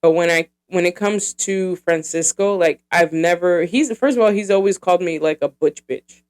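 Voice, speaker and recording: Smooth-voiced woman podcaster in her thirties. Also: on the low side, normal speed, darkish tone. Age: 30s. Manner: rambling and profane, heavy with fillers. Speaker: podcast host. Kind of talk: casual podcast monologue.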